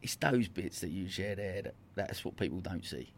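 A man's voice: low-pitched, animated, normal speed, slight background noise. A man hosting a podcast in casual interview chat, loose and rambling, full of "like" and "you know". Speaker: podcast host.

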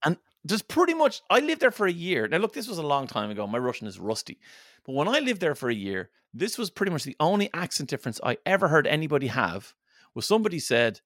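A man's voice: fairly high pitch, sing-song, fast, fairly bright tone, no echo, studio quality. A man chatting casually on a podcast, telling rambling stories and slipping into playful mock voices.

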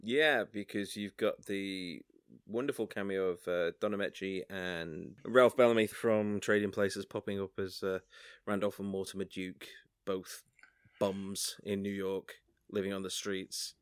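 A man co-hosting a podcast, chatting casually with measured, dry-humored replies. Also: deep voice, steady tone, clean tone. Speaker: podcast co-host. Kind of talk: casual chat.

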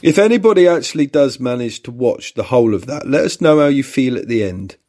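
A man co-hosting a podcast in relaxed conversation. He answers in short, dry remarks and sounds easygoing. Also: medium pitch, brisk. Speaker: podcast co-host. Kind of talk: casual chat.

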